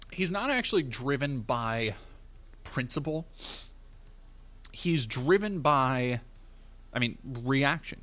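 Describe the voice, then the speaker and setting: A man's voice: mid-range voice, fairly bright tone. A man from the United States hosting a livestream, talking casually in a rambling, profane way with many fillers and restarts. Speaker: livestream host.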